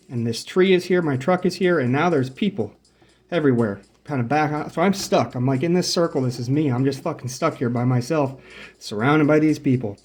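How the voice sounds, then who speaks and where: A man's voice: medium pitch, darkish tone. A young man casually telling a story, swearing freely, acting out the dialogue and pointing out where things happened. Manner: profane, acts out quoted dialogue; points out spots while telling. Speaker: vlogger.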